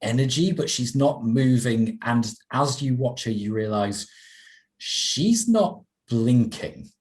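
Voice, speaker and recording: A man, working as a game master and narrating a tabletop role-play game in a measured, descriptive way. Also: mid-range voice, lively intonation, darkish tone.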